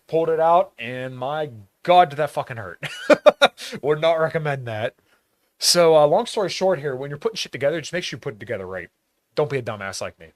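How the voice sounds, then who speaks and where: A man from rural Pennsylvania hosting a podcast in a blunt, profane, casual monologue, laughing often. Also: mid-range voice. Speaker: podcast host.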